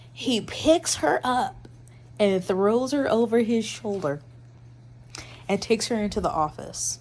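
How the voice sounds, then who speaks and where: This book vlogger chats casually from her bed at home, animatedly reading romance excerpts aloud and laughing often. She speaks a little slowly in a medium-pitched voice. A faint hiss or hum sits under the recording.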